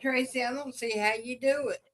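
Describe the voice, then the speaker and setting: A woman's voice: high voice, steady tone, a little fast, background noise. A woman co-hosting a livestream in casual chat at home, joking and laughing often. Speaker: livestream co-host. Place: indoors at home.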